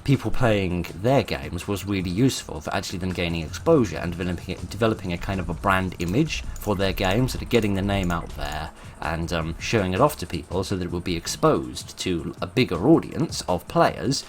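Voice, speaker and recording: A man's voice: deep voice, expressive, fairly quick, few pauses, a little hiss or hum. A man hosting his channel, talking informally and thoughtfully, with many fillers and restarts. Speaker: channel host.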